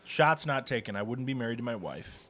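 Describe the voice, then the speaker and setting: Lively, animated male storyteller. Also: mid-range voice, brisk. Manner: animated storyteller, acts out dialogue with laughs. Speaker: podcast co-host. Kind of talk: casual storytelling over drinks.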